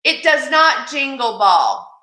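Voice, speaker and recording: A woman's voice: sits high, big pitch swings, takes it slowly, pushed and bright, reverberant. A woman hosting a live jewelry sale stream, chatty and affectionate with her viewers, calling them sweetie. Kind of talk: live-stream selling chat.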